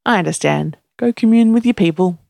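Wry chiding woman, pitched up a bit, narrator reading her. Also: expressive, fairly quick, gravelly, dark tone, no echo. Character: sharp-tongued woman caregiver.

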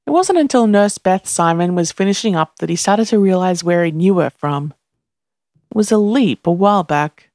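A woman narrating a story in a steady, even reading voice. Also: lowish voice, moderate pace, no room sound, clean studio sound. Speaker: reader. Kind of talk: audiobook narration.

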